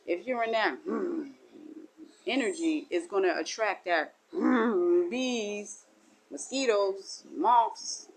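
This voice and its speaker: A woman's voice: mid-range voice, slow, creaky, rough recording. A woman delivering a spiritual monologue as a teacher, in a meandering, repetitive and folksy way. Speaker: self-styled spiritual teacher.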